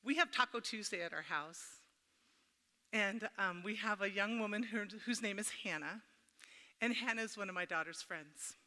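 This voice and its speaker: Her medium-pitched voice has a sharp tone and normal speed as this middle-aged woman talks at a women's church camp workshop. She's folksy and chatty, sharing homey stories and joking with listeners in an echoey meeting hall.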